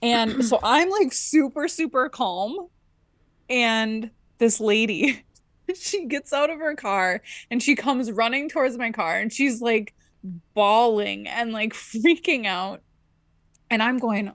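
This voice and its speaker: A woman's voice: fairly high pitch, measured pace, dry recording, studio quality. A woman co-hosting a podcast, telling a personal story in casual chat and acting out the voices in it. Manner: animated storyteller, acts out her own inner voice and dialogue. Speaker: podcast co-host.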